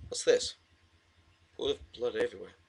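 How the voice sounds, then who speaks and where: A man's voice: lowish voice, moderate pace, gravelly, noisy background. A man playing a horror game and commenting, jumpy and swearing, talking back to the game at a desk mic. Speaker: gamer.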